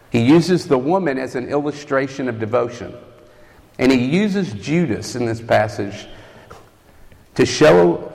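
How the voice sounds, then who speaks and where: A man's voice: medium pitch, creaky, darkish tone. A man preaching a sermon, teaching earnestly and asking his listeners rhetorical questions. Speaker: campus ministry preacher. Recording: long reverb of a hall.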